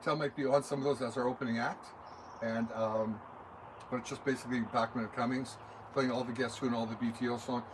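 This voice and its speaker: A man's voice: mid-range voice, quick pace. An older man, a musician being interviewed in a recording studio, answering in a loose, rambling, anecdotal way. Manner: rambling, anecdotal, talks with his hands through examples. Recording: steady background noise.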